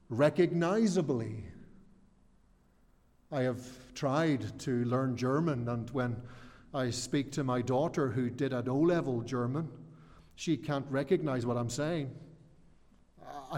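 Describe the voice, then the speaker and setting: Slow, earnest Ulster preacher in a hall. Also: male voice, medium pitch, a little mellow. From Northern Ireland. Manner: earnest, repeats words when searching for a phrase. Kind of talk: expository sermon. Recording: long hall reverb.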